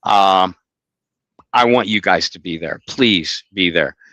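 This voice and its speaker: A man's voice: deep voice, slow pace, sharp tone, no echo. A man co-hosting a sports podcast in casual chat, rambling with many restarts and blunt swearing. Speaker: podcast co-host.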